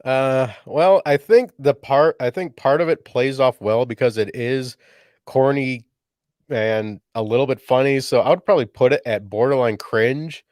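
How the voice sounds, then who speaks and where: A man's voice: mid-range voice, normal speed, darkish tone, no echo, clean studio sound. A man co-hosting a casual chat show, easygoing and laughing often. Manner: laughs often, drifts into goofy pirate voices. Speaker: podcast co-host.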